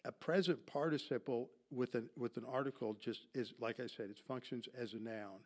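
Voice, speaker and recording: In a slide-based classroom lecture, a man teaches the Bible, breaking down Greek grammar and raising questions for his audience that he goes on to answer. He speaks at a moderate pace with a medium pitch and a darkish tone.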